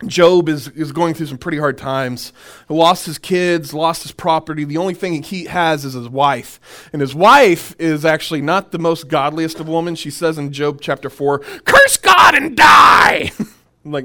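A man who is a minister, leading a conversational Bible workshop. He chuckles often and repeats his key points. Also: fairly high pitch.

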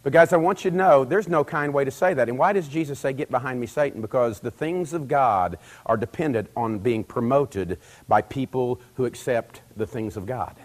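A middle-aged man preaching a sermon in a conversational way, rising to loud emphatic peaks and acting out quoted dialogue. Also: medium pitch, normal speed, few pauses.

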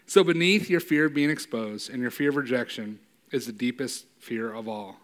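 Preaching in a relaxed, conversational manner, a man keeps checking in with "right?" before rising to loud, forceful high points. His voice is mid-range and his pace moderate.

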